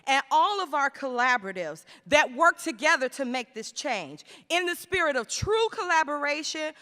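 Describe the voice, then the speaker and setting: A woman's voice: high voice, big pitch swings, bright, forceful tone. Emphatic woman speaking in a large hall. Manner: rhetorical, emphatic with slowed stresses. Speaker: conference speaker. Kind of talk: plenary speech. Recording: reverberant hall.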